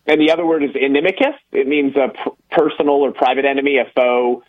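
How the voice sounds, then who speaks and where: Man, husky, phone-like thin sound, explanatory co-host. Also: mid-range voice, steady tone, quick pace. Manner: explanatory, quoting, many fillers. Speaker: ministry leader and co-host. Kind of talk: conversational talk show.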